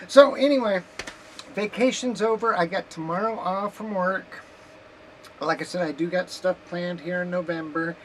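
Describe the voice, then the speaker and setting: A woman vlogging in a casual, rambling, joking way from her home kitchen, sometimes talking while eating. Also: on the low side. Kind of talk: casual chat. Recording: noisy background hiss.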